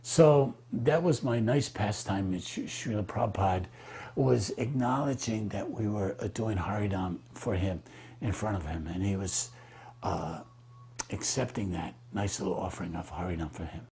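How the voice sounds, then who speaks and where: A man telling a personal memory in an animated, halting way, with many fillers and restarts. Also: lowish voice, slightly rough. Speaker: devotee recalling memories. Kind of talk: animated storytelling.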